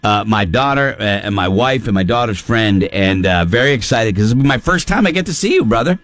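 A man's voice: lowish voice, expressive, a little fast, a bit bright, dry recording. A man hosting a radio show in casual chat, eager and full of fillers and restarts. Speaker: radio host.

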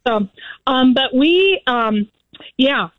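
A woman's voice: high-pitched, animated, drawn-out words, no echo. A woman calling in to a radio show, chatting in a folksy, friendly way and laughing as she talks. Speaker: caller. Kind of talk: call-in chat. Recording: tinny phone line.

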